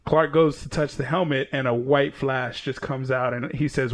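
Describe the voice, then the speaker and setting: A man's voice: mid-range voice, fairly even intonation, moderate pace, few pauses. A man co-hosting a casual comic book chat, retelling the plot with acted-out quotes and plenty of swearing. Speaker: comic book podcast co-host. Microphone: headphones and mic setup.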